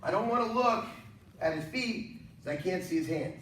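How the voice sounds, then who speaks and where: A high-voiced man teaching an online martial arts class from his studio, energetic and joking as he coaches. The room is echoey and he stands well back from the mic. A faint hiss sits under the voice. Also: moderate pace, distant mic. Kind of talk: online workout class instruction.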